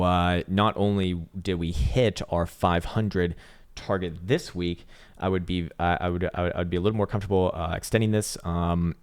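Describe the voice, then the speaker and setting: A man with a fairly low voice runs through crypto charts in a relaxed, conversational way. He jokes, swears casually and thinks out loud. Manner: laid-back, joking, profane, thinking aloud with fillers. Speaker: crypto market analyst, channel host.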